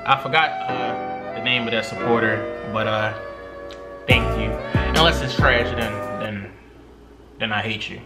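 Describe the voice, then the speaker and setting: A man's voice: on the low side, unhurried, pauses often, loud music behind the voice. A young man hosting a reaction video, with joking, slangy banter. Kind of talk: casual reaction commentary.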